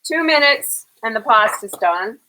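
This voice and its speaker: Bright giggly woman cooking at home. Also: a little high, expressive, a little slow, rough recording. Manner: giggly, chatty, narrates steps. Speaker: cooking show co-host. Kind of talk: casual chat while cooking. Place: home kitchen.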